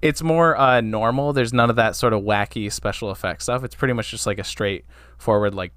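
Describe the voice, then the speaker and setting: Halting low-voiced man on a podcast. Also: fairly bright tone, clean tone, no room sound, studio quality. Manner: halting, trails off and restarts often. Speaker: podcast co-host. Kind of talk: casual podcast chat.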